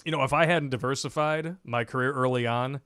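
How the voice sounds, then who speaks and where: Brief: male livestream co-host, mid-pitch, sarcastic and quick to laugh, dry close mic. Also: a bit bright, clear, resonant tone, no echo. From Michigan, USA. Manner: joking, sarcastic, laughs often. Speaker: podcast co-host reading super chats. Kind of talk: casual livestream chat.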